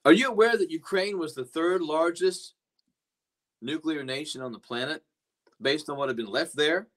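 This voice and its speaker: A man's voice: on the high side, normal speed. A man preaching earnestly on a podcast, rambling at times with many restarts. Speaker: pastor. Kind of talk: podcast sermon talk.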